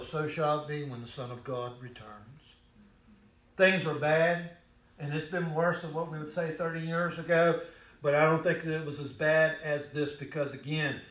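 A middle-aged man preaching a sermon in a church, swinging from hushed pleading to loud, fervent calls. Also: on the high side, reverberant, low-quality recording. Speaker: pastor.

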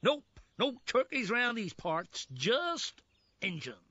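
A man's voice: very high voice, very animated, slow pace, sharp tone, no echo, muffled recording, exaggerated voice. A man voicing a boastful, drawling old-west marshal in a cartoon, full of folksy cowboy slang. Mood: blustering. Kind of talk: cartoon voice acting.

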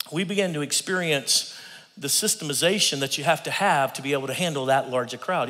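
A man in his fifties preaching a humorous sermon in a church, an animated storyteller who laughs often. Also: mid-range voice. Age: 50s. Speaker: guest preacher. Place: church sanctuary. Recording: long reverb of a large hall.

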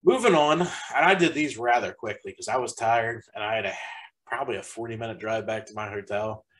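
A man's voice: fairly low pitch, fairly quick, fairly bright tone, low-quality recording. Man rambling through a casual review. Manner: rambling, heavy use of "like" fillers. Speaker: haunted attraction reviewer.

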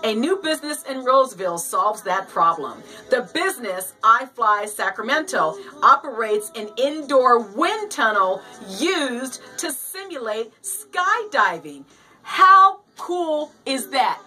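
A woman hosts her own casual show in a high, bright voice. She is giddy and playful, stretches her words out slowly and repeats them for fun. Faint music plays behind her. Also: big pitch swings. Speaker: show host. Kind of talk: casual solo show hosting.

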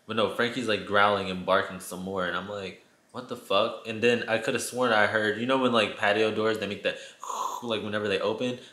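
Male vlogger, bright edgy voice, echoey room, dramatic profane storytime delivery. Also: on the low side, a little fast. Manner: animated, profane, dramatic storytelling addressing viewers. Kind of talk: casual storytime vlog. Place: his apartment.

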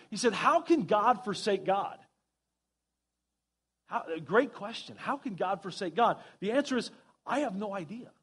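A pastor preaching a sermon in a church, talking earnestly with frequent restarts and reading scripture aloud. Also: male voice, high-pitched. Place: church sanctuary.

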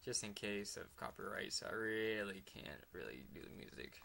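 A man giving excitable let's play commentary, laughing often and slipping into whispered asides. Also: lowish voice, moderate pace, gravelly, a little hiss or hum. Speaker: gamer.

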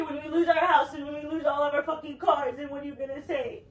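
A woman's voice: sits high, steady tone, fast talker, few pauses, lo-fi sound. Blunt young woman, swearing and exasperated. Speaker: girlfriend. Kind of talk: heated argument. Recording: roomy, distant and noisy.

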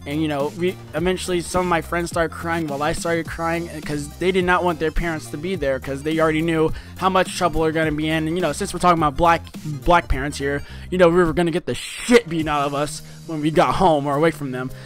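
A man's voice: a little high, steady tone, quick pace, few pauses, a bit bright, faint music behind. A young man telling a personal story to his viewers in a rambling, casual way, full of fillers and restarts. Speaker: vlogger.

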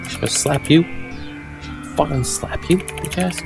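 A man's voice: on the high side, gravelly, music in the background, pitched above the performer's own voice. A man putting on the voice of a jealous, sassy young woman who taunts and curses. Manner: taunting, cursing, drawn-out sass.

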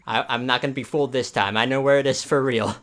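A man's voice: medium pitch, fast. A man hosting a let's play, chatting casually and rambling as he plays, often correcting himself. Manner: relaxed, rambling, self-correcting. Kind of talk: casual gameplay commentary. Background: game music.

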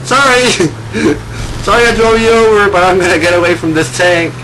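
A young man giving excitable, casual commentary while playing a shooter game, yelling and laughing often. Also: sits high, moderate pace. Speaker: gameplay commentator. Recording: noisy game sounds behind. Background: game vehicle and battle noise.

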